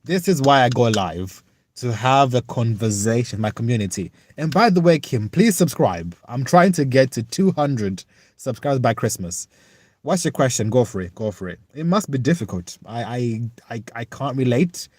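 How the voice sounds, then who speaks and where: Reading out and replying to viewer comments on a live stream, a young man from the UK talks earnestly, reflectively and haltingly. His voice is mid-range and darkish with lively intonation, and there is no room sound.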